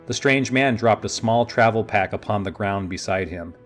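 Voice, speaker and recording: A man narrating a fantasy story in a steady, measured storytelling voice. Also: fairly low pitch, faint music behind. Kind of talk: audiobook narration of his own fantasy novel.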